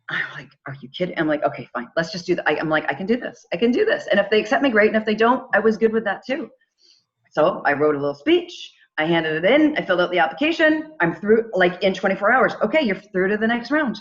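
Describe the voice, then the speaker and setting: A middle-aged woman tells a personal story as a podcast guest. She talks in a lively, animated way and slips into quoted voices for the people in it. The recording sounds dull and lo-fi. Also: mid-range voice, quick pace. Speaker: podcast guest, charity founder. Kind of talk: casual storytelling.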